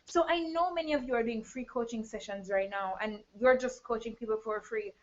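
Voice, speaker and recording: A woman's voice: fairly high pitch, a little fast. Upbeat woman coach on lo-fi stream. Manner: energetic, addresses viewers directly. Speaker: business coach. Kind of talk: live online training.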